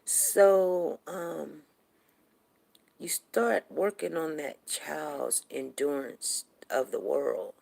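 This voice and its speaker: A middle-aged woman with a low voice and a gravelly edge tells a personal story in a casual way. She gets animated and repeats words for emphasis. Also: very slow. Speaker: show host.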